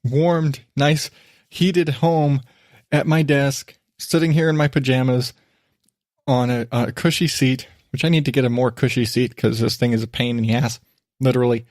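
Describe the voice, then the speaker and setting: A man's voice: medium pitch, fairly even intonation, moderate pace, a little mellow, no room sound, clean studio sound. A man hosting his own podcast from his desk at home, rambling casually and mocking himself, with the odd swear. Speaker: podcast host. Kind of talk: casual solo podcast monologue.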